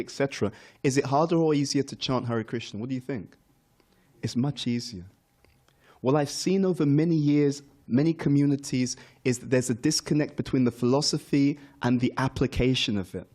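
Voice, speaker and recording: A man's voice: mid-range voice, a little mellow. A middle-aged man giving a morning spiritual class, earnest, repeating key words for emphasis. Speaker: spiritual teacher. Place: temple class room.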